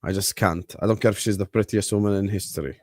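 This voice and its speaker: A young man hosting a football watchalong stream, chatting casually in a rambling, joking way with slang and swearing, sometimes mumbling low in mock sadness and sometimes shouting at the match. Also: fairly even intonation, fast talker, no room sound. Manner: drops to low mock-sad mumbles, then loud bursts at match action. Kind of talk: casual live-stream chat.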